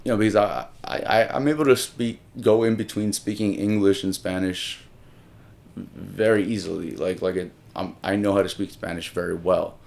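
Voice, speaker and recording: A man's voice: sits low, steady tone, moderate pace, gravelly, a little mellow. A young man from Miami rambling casually on camera, with many restarts and some swearing, moving between English and Spanish. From Miami, Florida. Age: young adult. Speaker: solo video host. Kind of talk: casual monologue.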